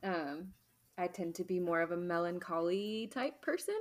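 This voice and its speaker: A woman's voice: fairly low pitch, normal speed. A woman co-hosting a women's Bible podcast, talking in a reflective, self-deprecating way and laughing at herself. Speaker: podcast co-host. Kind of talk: casual podcast chat.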